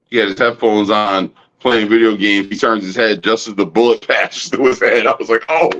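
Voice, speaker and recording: A man's voice: lowish voice, steady tone, normal speed, fairly bright tone, lo-fi sound, a little hiss or hum. A man co-hosting a podcast, casually retelling movie scenes with quoted dialogue. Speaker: podcast co-host.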